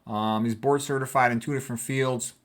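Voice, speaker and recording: A man's voice: medium pitch, fairly even intonation, a little fast. Older American man reminiscing casually. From United States. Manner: rambling, conversational, warm reminiscing. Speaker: physician vlogger. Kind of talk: casual talk over family photos.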